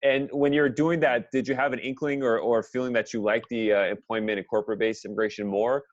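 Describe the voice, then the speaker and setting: A man's voice: mid-range voice, steady tone, quick pace, dry recording, muffled recording. Chatty male podcast host. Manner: easygoing, chatty, many fillers. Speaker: podcast host, immigration attorney. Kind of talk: casual interview chat.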